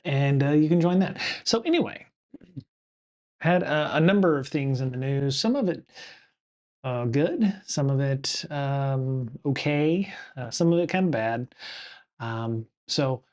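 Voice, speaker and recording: A man's voice: medium pitch, expressive, measured pace, a little mellow. A middle-aged man hosting a solo live stream, talking casually and rambling with many fillers and self-corrections. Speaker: podcast host streaming solo.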